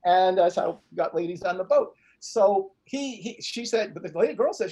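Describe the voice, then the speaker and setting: A man's voice: high voice, fairly quick, hardly any pauses, a little mellow. A middle-aged man, a life coach, telling a long personal story in an interview and acting out the people he quotes.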